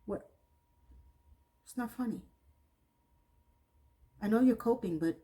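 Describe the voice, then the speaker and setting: A woman's voice: fairly high pitch, takes it slowly, long pauses, mellow, low-quality recording. A woman giving a casual recap of a TV episode, breaking off into exasperated, sarcastic asides. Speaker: TV recap reviewer.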